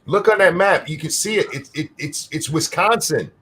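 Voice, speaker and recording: A man's voice: on the high side, normal speed, hardly any pauses, fairly bright tone, breathy edge. A man from Michigan co-hosting a live stream, talking bluntly and casually and swearing now and then. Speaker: co-host.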